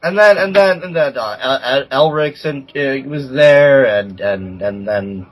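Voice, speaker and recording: A man's voice: mid-range voice, measured pace, rough recording. A man co-hosting a casual podcast chat, stammering through restarts and swearing freely. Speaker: commentator and co-host.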